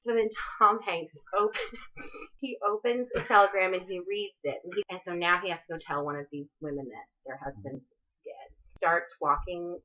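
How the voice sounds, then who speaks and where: A woman's voice: on the low side, normal speed. Chatty woman recapping a film, slightly muffled. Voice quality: animated, acts out quotes from the film. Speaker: podcast co-host. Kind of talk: casual movie recap chat. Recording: slightly dull lo-fi audio.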